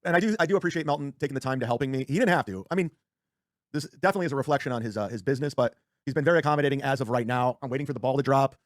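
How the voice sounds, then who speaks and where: A man's voice: medium pitch, very fast, no room sound, clean studio sound. A man ranting casually on a livestream, rambling, swearing often and restarting his sentences. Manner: rambling, profane, self-interrupting.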